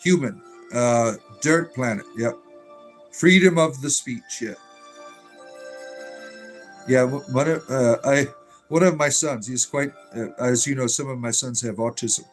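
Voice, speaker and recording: A man's voice: mid-range voice, unhurried, long pauses. Irreverent man rambling on a livestream. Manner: irreverent, profane, rambling with many fillers. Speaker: livestream host reading chat. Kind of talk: casual livestream chat. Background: faint music.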